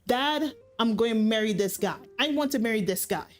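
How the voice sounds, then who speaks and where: A woman's voice: on the high side, lively intonation, soft background music, lightly acted. A woman voicing a bossy noble girl who insists on marrying a boy. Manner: pushy, quick, decisive. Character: bossy noble girl claiming her fiancé.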